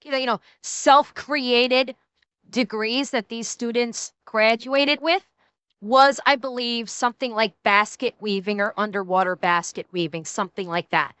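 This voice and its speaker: A woman streamer with a high, bright voice, chatting loosely as she reacts to clips. She is animated and jokey and often circles back over her own words. The sound is dry and close. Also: unhurried, smooth, dry recording. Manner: animated, jokey, repeats herself. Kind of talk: casual reaction chat.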